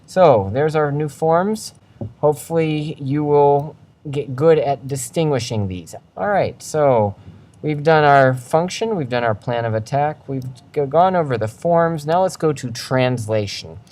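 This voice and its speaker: A man's voice: on the high side, measured pace, darkish tone. Methodical male Latin teacher. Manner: methodical, walks through steps one by one. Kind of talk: recorded lecture over slides.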